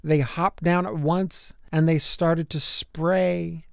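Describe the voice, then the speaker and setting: An unhurried storybook reader with a smooth, clean voice that rolls through rhyming verse with a lilting beat. The characters get playful little voices of their own. The sound is close and dry, with no room around it. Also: medium pitch, steady tone, no echo. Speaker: children's book reader. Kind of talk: storybook read-aloud.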